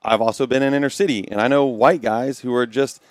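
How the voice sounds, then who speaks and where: Guy co-hosting a podcast, earnest, tells stories and does the voices, mid pitch, dry sound. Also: steady tone, quick pace, no room sound. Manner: earnest storyteller acting out quoted dialogue. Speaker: podcast co-host. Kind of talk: casual chat.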